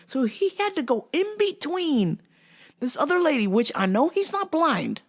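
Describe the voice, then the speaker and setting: A woman hosting a show, telling a comic story in a profane, animated way and laughing often. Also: high-pitched, unhurried, pauses often. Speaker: host.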